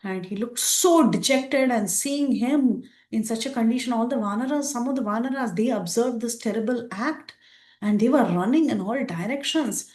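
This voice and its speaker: A woman teaching a scripture class, retelling an epic story in an animated way with many fillers. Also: on the high side, moderate pace, reverberant.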